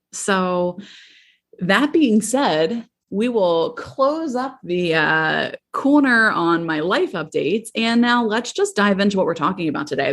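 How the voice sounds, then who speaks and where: A woman in her thirties hosts a podcast in a low voice with a gravelly edge. She talks candidly and reflectively, halting often with fillers as she gathers her thoughts. Her tone is personal and unscripted. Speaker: podcast host and therapist.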